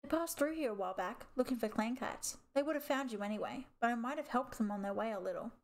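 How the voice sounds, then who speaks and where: A woman's voice: fast, close to an everyday voice. A woman voicing a huge scarred male tabby cat who leads rogues, speaking in a smug, mockingly polite purr. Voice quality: low raspy purr.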